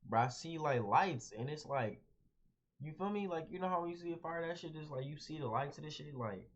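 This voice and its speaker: A young man telling a story casually as a vlogger, animated and slangy, calling everyone "bro". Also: fairly high pitch. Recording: dull lo-fi audio.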